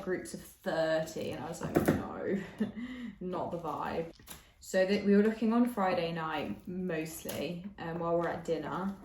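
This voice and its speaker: Young girl chatting away on her vlog, lots of "like", kinda low voice, echoey room. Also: a little hiss or hum. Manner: chatty, heavy use of "like", laughs often. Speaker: vlogger. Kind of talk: casual storytelling chat.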